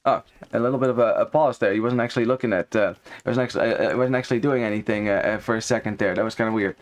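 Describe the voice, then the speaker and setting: A man's voice: fairly low pitch, rapid-fire. A young man casting a real-time strategy match, chatty and analytical, explaining game mechanics as the action unfolds. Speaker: esports caster. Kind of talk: live strategy-game commentary.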